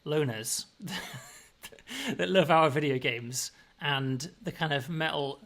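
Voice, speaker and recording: A man's voice: fairly high pitch, expressive, slow, a bit bright. A man who designs games, chatting casually with a dry, self-mocking humor. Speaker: game designer. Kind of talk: casual chat.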